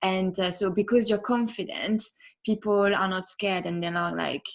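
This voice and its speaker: Chatty woman with gravelly fry. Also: mid-range voice, fairly even intonation, moderate pace. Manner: chatty, many fillers, soft laughs. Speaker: podcast host, interview guest. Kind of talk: casual interview conversation.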